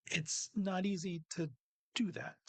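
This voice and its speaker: Man, gravelly and husky, earnest personal reflection at a worship service, dry close sound. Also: high voice, fairly even intonation, slow pace, a bit bright, no room sound. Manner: earnest, personal, self-deprecating. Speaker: lay speaker giving a reflection.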